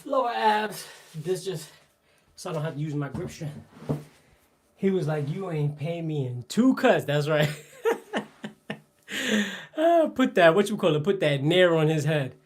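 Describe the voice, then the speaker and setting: A man's voice: fairly high pitch, big pitch swings, measured pace, pauses often, slight background noise. Joking man chatting on a workout stream. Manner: joking, rambling banter with chat; laughs often, trails off mid-sentence. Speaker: fitness livestream host. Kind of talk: casual live-stream chat during a workout. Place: indoors at a home workout spot.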